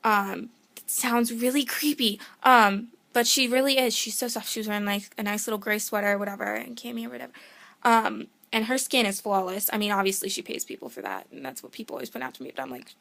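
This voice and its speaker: A young woman telling a story in a casual vlog, excitable and rambling, often cutting herself off to start over. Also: mid-range voice, quick pace, vocal fry. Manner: excitable, rambling, self-interrupting; gushing fan enthusiasm. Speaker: vlogger.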